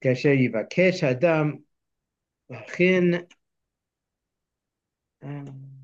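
A man teaching a text study lesson, reading verses slowly before he explains them. His voice sits at a middle pitch. The recording is a bit dull and lo-fi. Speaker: Torah teacher.

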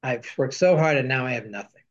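A man's voice: mid-range voice, fairly quick. Male teacher, reads passages in the original and translates line by line; slightly muffled recording. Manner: reads Hebrew and Aramaic quotes, translating each line. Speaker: Torah teacher. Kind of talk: text study lesson.

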